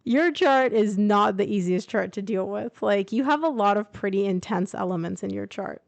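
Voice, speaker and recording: A woman's voice: mid-range voice, expressive, moderate pace, creaky, no echo. A woman casually reading tarot cards to camera, chatting and thinking aloud with fillers and asides. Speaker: tarot reader. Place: indoors, traveling.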